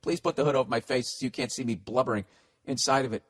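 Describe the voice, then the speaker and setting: A man's voice: medium pitch, fast talker, a bit bright. A man hosting a podcast, ranting bluntly and swearing constantly as he gives advice. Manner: blunt, heavily profane, ranting. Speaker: podcast host. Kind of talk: profane advice rant.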